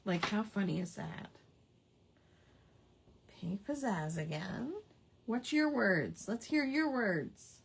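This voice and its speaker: A woman's voice: medium pitch, expressive, slow, creaky, long pauses, slight background noise. A woman hosting a casual craft hangout, chatty and playful, savoring quirky old words with giggles. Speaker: craft livestream host.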